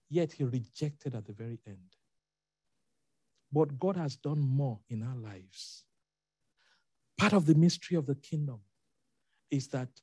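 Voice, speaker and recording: Man, preacher, sermon, emphatic, repeats phrases, slightly high voice, dry close sound. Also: a little mellow, no room sound. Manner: emphatic, repeats key phrases, asides to the congregation.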